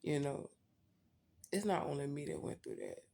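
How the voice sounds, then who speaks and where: A woman's voice: deep voice, huge pitch swings, moderate pace, creaky, dark tone. A woman vlogger telling a personal story in a blunt, profane, candid way, talking straight to her viewers.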